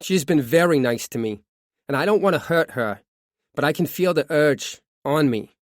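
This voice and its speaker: A man narrating a true crime audiobook, reading a confession in a measured first-person voice. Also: a little high, lively intonation, no echo, clean studio sound.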